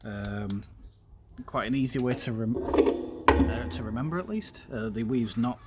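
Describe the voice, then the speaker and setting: A man with a mid-range voice talks a little slowly as he shows viewers a paracord weave on stream, working with his hands. He rambles casually, with plenty of ums and side chat about games. Heavy background noise runs through the recording.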